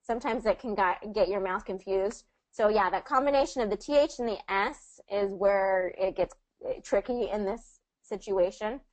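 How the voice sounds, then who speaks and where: A patient, encouraging woman coaching pronunciation over a video call. She breaks phrases into small pieces and models them slowly for her student. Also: mid-range voice, rough recording. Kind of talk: one-on-one online pronunciation lesson.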